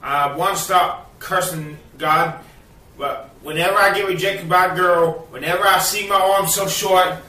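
A man ranting to the camera at home in a bitter, profane vlog, now and then bursting into shouts. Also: high-pitched, steady tone, measured pace, roomy sound, far from the mic, background noise. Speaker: vlogger. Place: cluttered home, indoors.

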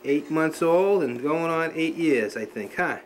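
A father filming a home video chats to the camera and coos to his baby, unhurried, with a fairly high voice and lively intonation. It's picked up by a camcorder microphone on hissy old camcorder tape.

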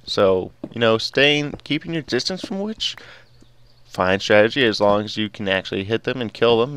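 A man's voice: fairly low pitch, a bit bright, clean tone, no echo. A man giving casual, rambling gameplay commentary as host of his gaming videos, often digressing.

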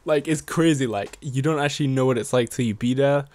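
A man's voice: medium pitch, brisk, a little mellow, no echo. A young man from Sheffield with a Sheffield accent, rambling casually in slangy, self-deprecating vlog chat. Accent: Sheffield English. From Sheffield, England. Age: young adult. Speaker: rapper and music producer.

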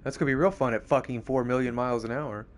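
A young man giving casual, profane live commentary on a racing game, excitable and often laughing. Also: mid-range voice, quick pace, a little hiss or hum. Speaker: streamer.

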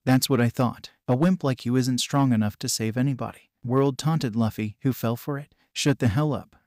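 A male narrator reads fan fiction in an even, flat manner. His pitch sits in the middle range, and the recording is dry and close. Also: dry recording. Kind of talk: read-aloud fanfiction narration.

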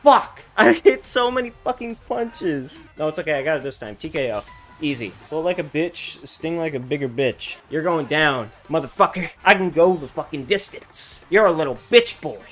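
A young man giving casual, profane gameplay commentary, swinging from loud excited outbursts to low muttering. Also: normal speed, faint music behind. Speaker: gaming streamer.

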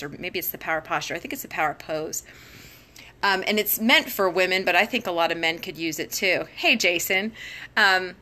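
Woman, middle-aged, bright and chatty host, live-stream advice talk, easy laughs. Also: on the low side. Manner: conversational, frequent laughs and fillers. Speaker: teacher and education blogger. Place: home, live phone broadcast.

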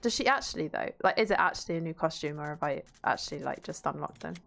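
A woman's voice: deep voice, lively intonation, fast talker, gravelly, fairly bright tone. A woman with a Yorkshire accent streaming a video game, chatting casually with viewers and swearing freely. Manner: chatty, reads chat aloud, swears casually. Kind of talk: casual gaming stream chat.

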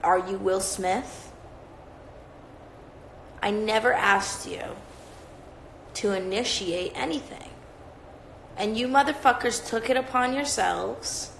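A woman's voice: mid-range voice, slow, vocal fry, pauses often, a bit bright, slight background noise. A woman hosting a livestream, chatting in a rambling, profane, casual way. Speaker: livestream host. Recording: roomy echoey sound.

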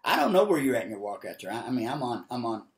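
A man preaching a sermon live from his home office, telling stories in a folksy way and rising to loud, high-pitched exhortation. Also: very animated, very fast, reverberant. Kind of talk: sermon with acted-out storytelling. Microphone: livestream camera mic.

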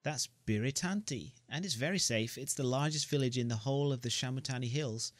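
A man's voice: mid-range voice, fairly quick, dry recording, natural voice. A man voicing a small, chirpy, friendly male imp who gets impatient. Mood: chatty. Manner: chirpy, eager.

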